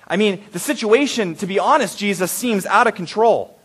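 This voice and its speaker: This pastor's voice is high, a little bright and husky, and he keeps a moderate pace. His sermon feels like a conversation as he questions the congregation and performs quoted prayers with mounting intensity.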